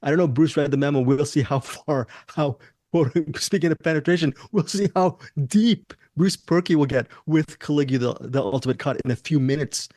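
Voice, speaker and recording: A man's voice: a little high, moderate pace, dark tone, no echo, studio quality. A man co-hosting a movie review podcast, talking casually and jokingly, often laughing. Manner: jokey, laughs often, playful teasing. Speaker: podcast co-host.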